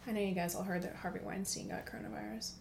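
A woman's voice: medium pitch, steady tone, racing, gravelly, noisy background. A young woman hosting a casual podcast monologue from home, chatty, dropping into whispers for asides. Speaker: podcast host.

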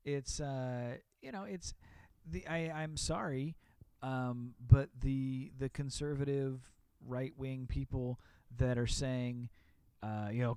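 A man's voice: medium pitch, fairly even intonation, slow, dark tone, clear, resonant tone, no room sound. A man co-hosting a podcast, chatting casually with hesitant, self-deprecating restarts. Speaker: podcast co-host. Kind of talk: casual chat.

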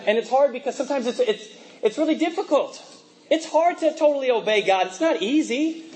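A man's voice: extremely high pitch, animated, a little fast, a little mellow, rough recording. A young man preaching a conversational sermon, full of rhetorical questions and laughing asides, with a mixed accent. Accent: mixed, from working in a multinational office.

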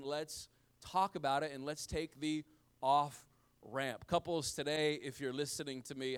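A middle-aged man, a pastor, giving a sermon in a casual style with slang, swinging between loud emphasis and hushed, low lines. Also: clean tone.

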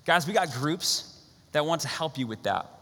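A man preaching a sermon in a casual, energetic way, acting out the people of a Bible story in a lively voice. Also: a little high, moderate pace, long reverb tail. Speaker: pastor.

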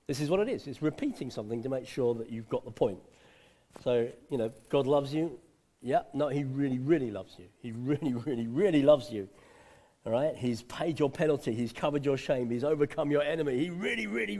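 A man's voice: medium pitch, dark tone. Chatty preacher man. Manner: conversational, repeats words for emphasis, chuckles often. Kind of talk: informal sermon.

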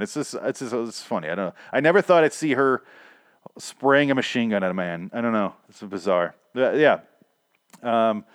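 A man's voice: lowish voice, dry recording, studio quality. A man casually recapping a TV episode, rambling and profane, laughing at his own asides.

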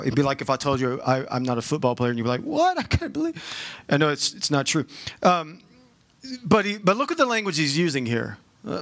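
A man's voice: fairly high pitch, fairly bright tone. A man preaching a sermon as pastor, talking casually with joking asides and frequent restarts.

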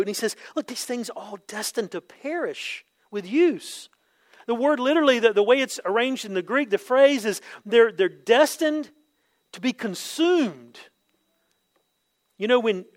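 High-voiced man preaching, keeps asking "right?". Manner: acts out quotes with sudden pitch jumps. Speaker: pastor. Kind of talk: expository sermon.

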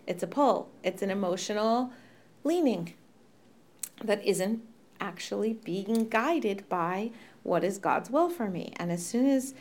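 Woman retelling a story with animated quoted voices. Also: medium pitch, measured pace. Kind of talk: casual discussion, retelling a story.

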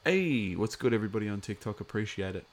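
Rambling low-voiced live streamer guy. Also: expressive, fast talker. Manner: rambling, chatty, many fillers. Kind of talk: casual live-stream commentary.

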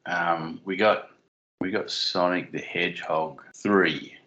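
Man, low voice, sharp tone, rambling podcast co-host. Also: steady tone, slow pace, dull audio. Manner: rambling, giggly, self-deprecating. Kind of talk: casual podcast chat. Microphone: desk mic on a stand.

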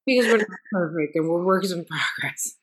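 A woman's voice: lowish voice, moderate pace, breathy edge. A woman hosting a podcast, a mother, speaking in a reflective, earnest way while thinking aloud. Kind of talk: casual interview conversation.

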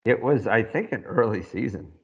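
A man's voice: lowish voice, expressive, moderate pace, breathy edge, muffled recording. A man in a casual chat as podcast co-host, trading dry teasing jokes.

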